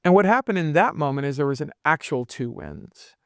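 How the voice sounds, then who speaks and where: A man in his forties tells stories earnestly in a reflective podcast chat, acting out the voices of the people he quotes. His voice is gravelly yet smooth and resonant. The sound is close and dry. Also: on the high side, animated, a little fast, no echo. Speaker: podcast host and business consultant. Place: his home.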